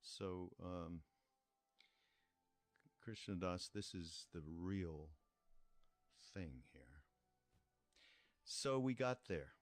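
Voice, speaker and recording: An older man hosting a podcast, telling a story in a reflective, meandering way with pauses and restarts. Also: low voice, no room sound, soft background music. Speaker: podcast host. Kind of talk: casual spoken storytelling.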